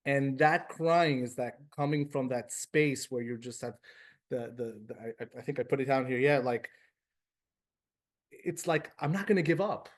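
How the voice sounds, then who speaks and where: Speaking to a class that is present in person and also streamed to a video call, this man teaches religion in an emotional, animated way, talking right to his students. His voice is medium-pitched and unhurried.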